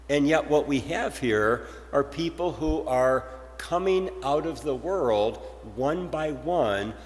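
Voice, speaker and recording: A man's voice: mid-range voice, in a large hall. A male pastor delivering a sermon, posing rhetorical questions to his congregation.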